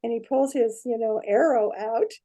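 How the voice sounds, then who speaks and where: An older woman appears as a guest on a podcast interview, animatedly retelling a myth and frequently checking in with her listener. Her voice is on the high side, at a normal speed.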